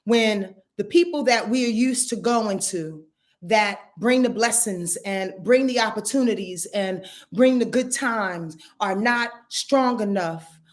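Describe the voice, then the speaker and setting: A woman's voice: medium pitch, slow. A woman giving a casual astrology forecast, talking in an earthy, emphatic way and swearing freely.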